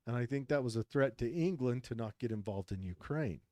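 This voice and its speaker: A man's voice: mid-range voice, animated, brisk, mellow, no echo. A man co-hosting a podcast in casual chat, rambling with frequent restarts as he reads out a news story. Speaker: podcast co-host.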